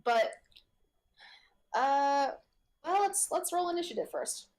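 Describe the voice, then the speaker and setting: A woman narrating as game master of a tabletop game. She talks haltingly, with many fillers and frequent laughs. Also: high voice, expressive, noisy background.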